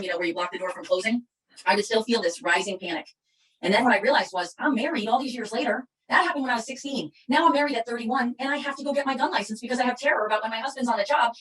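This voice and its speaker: A woman delivers a fervent, preachy motivational speech in a rapid-fire stream, hardly stopping for breath. She is middle-aged and talks to her team like a revival preacher. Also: on the high side, fairly bright tone, poor audio. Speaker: MLM company leader giving a training talk.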